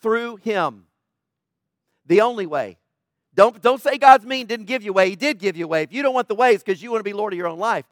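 A middle-aged man delivers a sermon in a high voice, emphatic and conversational. He keeps asking his listeners questions. The recording is dry and close. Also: expressive, fairly quick, dry recording. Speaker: preacher.

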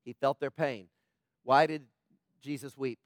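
A man preaching a sermon to a congregation, asking rhetorical questions and moving between hushed, quiet passages and loud, fervent ones. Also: mid-range voice, steady tone, a little slow, dry recording, clean studio sound. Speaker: pastor.

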